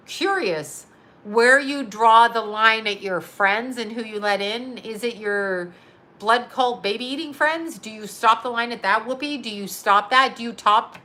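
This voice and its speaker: Middle-aged woman ranting on her live show, kinda high and sharp, sarcastic, swears a lot. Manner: heated, sarcastic, swears freely. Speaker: psychic medium and live show host. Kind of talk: casual rant to a live audience.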